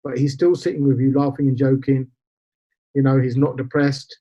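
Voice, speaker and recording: A middle-aged man, a podcast guest, telling stories in an animated, chatty way. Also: medium pitch, moderate pace. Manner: storytelling, animated. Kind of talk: casual interview chat. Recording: dull lo-fi sound.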